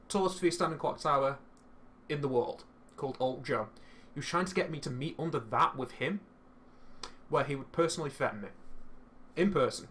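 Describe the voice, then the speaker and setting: A young man telling a story in casual chat while streaming a game, swearing freely and animated. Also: medium pitch, slight background noise.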